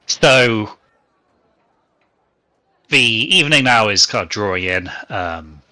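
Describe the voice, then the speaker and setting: A man narrating a tabletop game as game master, in a relaxed, rambling way with many fillers. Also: on the low side, takes it slowly, dry recording.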